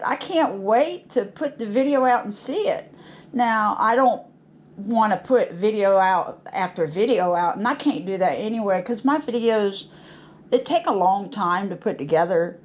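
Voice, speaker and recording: A middle-aged woman talks slowly and effusively, gushing over her handmade work and her viewers in a casual chat from her home workshop. Her voice sits at a mid pitch, and a faint hiss of room noise sits under it. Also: lively intonation. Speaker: craft channel host.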